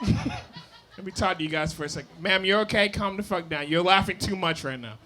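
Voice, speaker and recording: A man's voice: high-pitched, fairly quick, soft background music. Drunk young man rambling on stage. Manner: rambling, apologetic, loose and loud. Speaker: stand-up comedian. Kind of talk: stand-up set. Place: comedy club stage.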